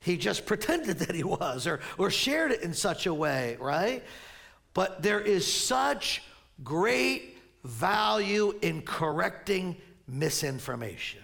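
A middle-aged male pastor preaching a sermon in a conversational, animated way, with frequent stammered restarts. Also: high voice, slow, creaky.

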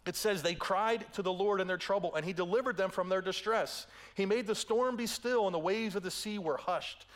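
A male pastor preaching a conversational sermon, often asking "right?" and swinging between raised emphasis and quiet, intimate asides. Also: fairly high pitch. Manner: conversational preaching with tag questions, swings between loud and hushed.

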